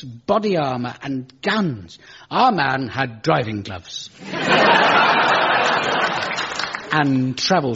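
A young British man doing stand-up storytelling on stage, dry and ironic, rising into high exasperated rants. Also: fairly bright tone, husky. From Britain. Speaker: comedian. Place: stage before a live audience. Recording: muffled live stage recording with audience.

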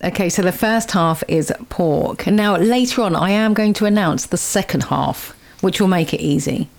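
A woman's voice: fairly low pitch, normal speed, gravelly, a little mellow. A woman hosting a local radio show, chatting casually, giggling often and explaining things at length. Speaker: radio host.

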